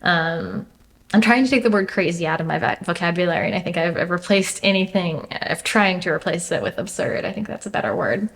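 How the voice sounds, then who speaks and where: A young adult woman with a lowish, slightly bright voice speaks briskly as a guest in a casual interview. She's thoughtful, laughs easily, and fills her talk with fillers and restarts.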